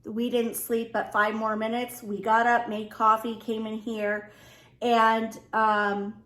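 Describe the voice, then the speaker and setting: High-voiced woman telling a story animatedly. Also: slow pace. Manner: animated, acts out both sides of the story. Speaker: lifestyle vlogger. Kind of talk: casual storytelling to camera. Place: home room. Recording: echoey room.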